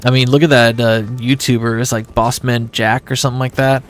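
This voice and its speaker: Talking fairly quickly with little pitch movement, a man at medium pitch spins a long, meandering story for viewers during a live game. He's a gaming streamer and an adult with a son, keeping the chat casual.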